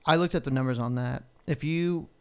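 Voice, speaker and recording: Gravelly, smooth man ranting about figures. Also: a little high, fairly quick, darkish tone. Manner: emphatic, profane, reciting figures. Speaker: podcast co-host. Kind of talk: casual chat.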